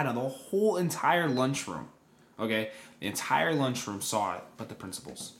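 Young male podcast co-host, mid-pitched voice, rambling storyteller full of fillers. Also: moderate pace. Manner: animated storyteller, many fillers and restarts. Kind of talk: casual chat storytelling.

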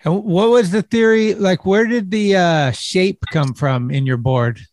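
A man interviewing a guest in a relaxed, curious, casual way. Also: high voice, a little slow, no room sound, studio quality.

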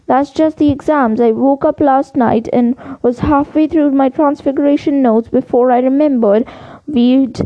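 A woman reading the lines of a sensible teenage girl witch, brisk and matter-of-fact, on a dull lo-fi recording. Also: high voice, steady tone, close to an everyday voice.

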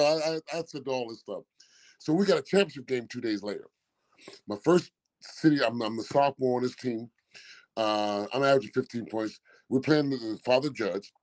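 A man's voice: mid-range voice, low-quality recording. A man in his sixties from Philadelphia, a former basketball player telling stories as a guest in a casual interview, acting out the quoted dialogue as he goes. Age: 60s. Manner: animated storyteller who acts out quoted dialogue.

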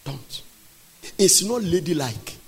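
A pastor in his forties preaching in a large church, swinging between sing-song phrases and sudden shouts. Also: on the high side, sing-song, slow pace, slight background noise. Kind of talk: sermon. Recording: long church reverb.

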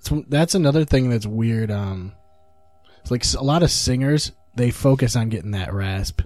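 A man in casual podcast chat, relaxed and swearing freely as he explains things at length. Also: mid-range voice, a little slow, creaky, long pauses, no room sound.

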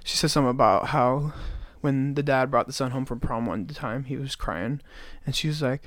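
Young male co-host, rambling retelling, mid pitch, close dry sound. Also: moderate pace, hardly any pauses, a bit bright, dry recording. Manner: rambling retelling, heavy use of "like". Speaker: podcast co-host. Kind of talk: casual podcast chat.

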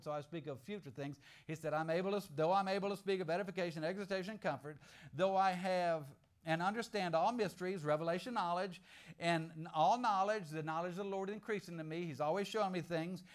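A middle-aged man preaching a sermon in an animated, joking way, moving from quiet asides to loud outbursts. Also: high voice, fast talker.

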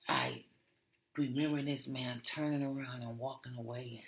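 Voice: mid-range voice, moderate pace, fairly bright tone. A podcast host telling a personal story in a reflective way, often dropping to a whisper and repeating words. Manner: repeats words and restarts when emotional.

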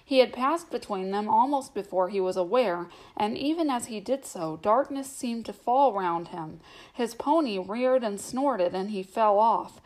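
A woman reading a novel aloud as the narrator, in a steady, measured storytelling manner. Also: mid-range voice. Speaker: audiobook narrator.

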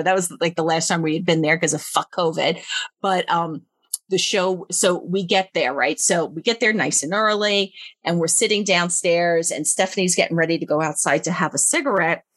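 A woman telling a story in casual chat, animated, swearing freely and laughing as she goes. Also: fairly low pitch, no room sound.

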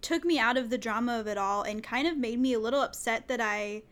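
Speaking fairly quickly in a bright, high-leaning voice, a young female podcast co-host makes casual conversation. She's emphatic and leans heavily on fillers.

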